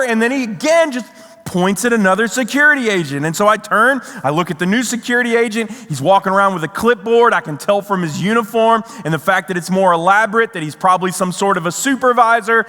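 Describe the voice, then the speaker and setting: A man preaching, with a high, lively-toned voice. He tells the story in a wry, conversational way, stumbling and restarting as he goes. The sound rings with the long reverb of a large church hall. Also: quick pace. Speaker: pastor. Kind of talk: sermon storytelling.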